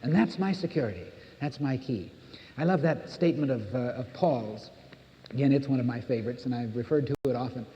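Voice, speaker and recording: A man's voice: mid-range voice, a little fast, dark tone. An older American man giving an earnest sermon as a minister, repeating words for emphasis. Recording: dull old cassette recording in a reverberant hall.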